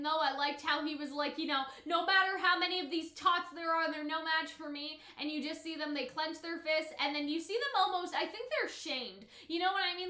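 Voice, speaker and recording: A woman's voice: sits high, pushed and bright, reverberant. A woman giving casual reaction commentary on an anime, talking in a chatty, emotional way full of fillers, at her computer at home.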